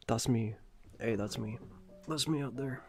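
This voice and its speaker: A man's voice: medium pitch, slow pace, a little mellow, soft background music. A man streamer in casual livestream chat, rambling loosely with lots of filler words and frequent laughs.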